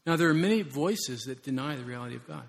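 A man preaching a sermon as pastor, emphatic and surging louder on key words. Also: medium pitch, animated, quick pace, gravelly. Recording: long reverb of a large hall.

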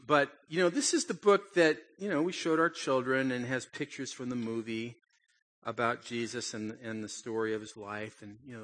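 Husky, bright-voiced older preacher. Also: male voice, medium pitch. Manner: animated storytelling, acts out childlike pleading. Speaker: pastor. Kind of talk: Christmas sermon.

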